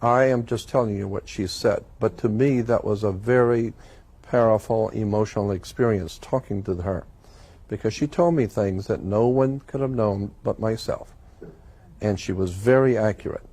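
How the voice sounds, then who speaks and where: A man's voice: fairly low pitch, moderate pace, dark tone. A man as an interview guest, earnestly recounting a personal experience and acting out the dialogue. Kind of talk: personal storytelling in conversation.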